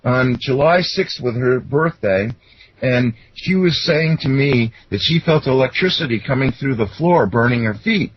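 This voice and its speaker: A man's voice: medium pitch, lively intonation, a little slow, slightly rough. Rambling man telling anecdotes, lo-fi. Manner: rambling, anecdotal, many fillers and restarts. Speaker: guest. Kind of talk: casual storytelling interview. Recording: dull lo-fi sound.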